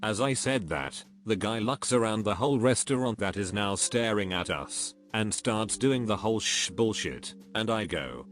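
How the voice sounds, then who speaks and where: Low-voiced man reading stories over music. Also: animated, normal speed, few pauses, fairly bright tone. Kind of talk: scripted narration. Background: faint background music.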